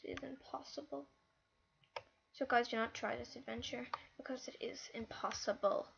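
A female host giving live gameplay commentary, excitable and easily frustrated, with lots of exclamations. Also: a little high, moderate pace, gravelly, lo-fi sound, background noise. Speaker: gaming channel host.

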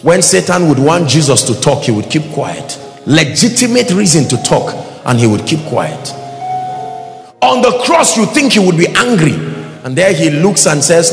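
A man's voice: on the high side, sing-song, normal speed, creaky. A man with a Nigerian accent preaching a sermon in a large church hall, emphatic and rhythmic, asking the congregation to respond and sometimes breaking into song. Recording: echoey hall with music behind.

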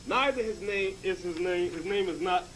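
A man's voice: sits high, moderate pace, fairly bright tone, slight background noise, poor audio. A man giving informal Bible teaching, emphatic and repetitive, often checking with "okay?". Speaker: religious teacher.

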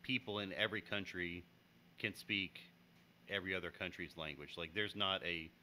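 A man from the United States co-hosting a podcast, talking in an animated, laughing way and often acting out the people in his stories. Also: low voice, moderate pace, slight background noise. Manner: animated, laughing, acts out customers in voices. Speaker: podcast co-host. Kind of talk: casual chat.

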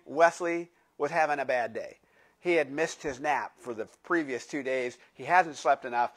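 An older man, a pastor, giving a sermon in a conversational, animated storytelling way, full of asides. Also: fairly high pitch. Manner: animated storytelling, acting out quoted voices.

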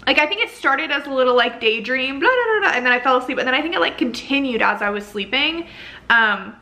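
A woman with a bright, fairly high voice rambles to her camera in a casual book vlog. She gushes and gets carried away, dropping the occasional curse word as she chats. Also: fast. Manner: rambling, gushing, excitable; swears casually. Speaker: book vlogger. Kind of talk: casual reading vlog chat.

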